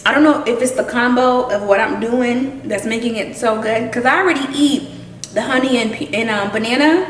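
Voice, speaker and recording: A woman chatting to camera while she cooks and eats in her home kitchen, savoring the food with long drawn-out hums. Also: on the high side, roomy sound, recorded from a distance, a little hiss or hum, poor audio. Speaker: lifestyle vlogger. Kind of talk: casual chat to camera while cooking.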